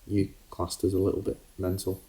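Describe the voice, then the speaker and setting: Podcast co-host, lowish voice, halting delivery full of ums. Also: male voice, completely flat delivery, dark tone. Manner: hesitant, many ums and restarts. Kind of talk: casual podcast chat.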